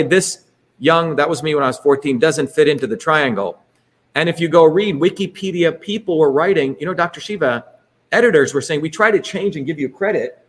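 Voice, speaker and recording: A man's voice: mid-range voice, a bit bright. A man presenting to an audience in a rambling, emphatic way, full of digressions and tag questions. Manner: emphatic, digressive, keeps asking "right?" and inserting "by the way". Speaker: presenter leading an online talk.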